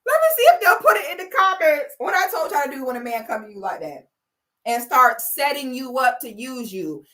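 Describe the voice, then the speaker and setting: A woman's voice: high-pitched, sing-song, fairly quick, sharp tone. A young woman hosting a livestream from home, blunt and preachy, talking in slangy casual speech toward a phone or webcam. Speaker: host. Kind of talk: livestream commentary.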